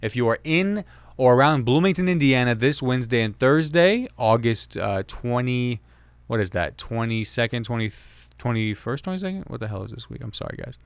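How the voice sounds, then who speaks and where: Chatty comedian hosting a solo show. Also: male voice, mid-range voice, lively intonation, clean tone, no echo. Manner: chatty, jokey, mimics others in quick asides. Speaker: podcast host and comedian. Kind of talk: casual solo commentary.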